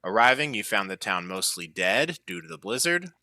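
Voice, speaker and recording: A man's voice: on the low side, sing-song, normal speed, pushed and bright, no echo. A man serving as game master, recapping the last session of a tabletop game with frequent fillers.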